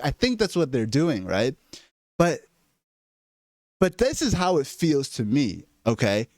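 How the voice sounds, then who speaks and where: A man's voice: mid-range voice, dry recording, clean studio sound. A man delivering an exasperated, profane comedic rant straight to camera. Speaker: vlogger. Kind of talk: ranting comedic monologue.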